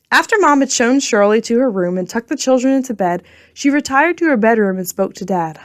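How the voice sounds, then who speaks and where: A woman reads a children's storybook aloud in a clear, gentle way. Her voice sits somewhat high. The recording is close and dry, with no room sound. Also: expressive, brisk, dry recording. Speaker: audiobook narrator. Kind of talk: storybook narration.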